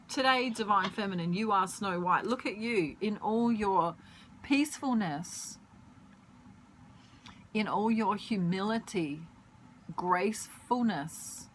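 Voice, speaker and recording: Slow, rambling woman tarot reader. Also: medium pitch, animated, fairly bright tone, a little hiss or hum, poor audio. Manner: chatty, rambling, laughs often; pauses to search for words. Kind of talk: casual tarot reading monologue. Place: at home, pet bird nearby.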